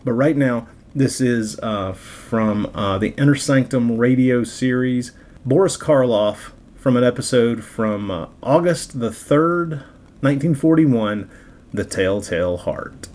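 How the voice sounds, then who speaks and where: A man hosting a podcast, talking casually and with enthusiasm, often halting on fillers and restarts. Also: mid-range voice, darkish tone. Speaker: podcast host.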